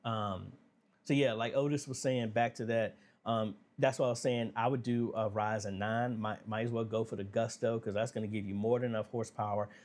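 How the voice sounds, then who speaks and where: A man hosting a casual live Q&A, talking through viewer questions in a relaxed, conversational way with plenty of fillers. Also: on the low side, fairly quick. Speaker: livestream Q&A host. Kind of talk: casual livestream Q&A.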